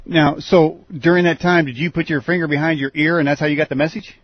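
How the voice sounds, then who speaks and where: A man's voice: on the high side, fairly even intonation, quick pace, no room sound. Teasing male interviewer, lo-fi. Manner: wry, teasing questions with short acknowledgements. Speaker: host. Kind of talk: casual interview. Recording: dull lo-fi sound.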